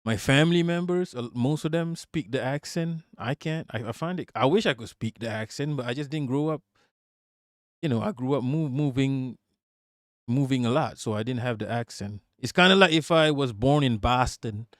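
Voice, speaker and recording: A man's voice: medium pitch, moderate pace, no room sound, clean studio sound. A man hosting a casual live reaction stream, loose and profane, laughing often.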